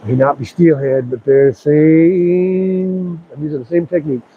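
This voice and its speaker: A man's voice: fairly high pitch, measured pace, narrow, tinny audio, a little hiss or hum. A man streaming live while fishing outdoors by a river, talking playfully to the fish as he reels it in. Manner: excited, playful, talks to the fish. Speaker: fishing livestreamer.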